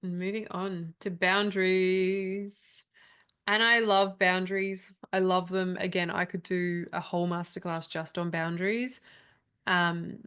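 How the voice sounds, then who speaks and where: A woman's voice: on the low side, little pitch movement, measured pace, fairly bright tone, smooth. A woman, leading an online coaching workshop in a candid, chatty way with frequent laughs. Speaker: trauma coach. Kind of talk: live online workshop talk.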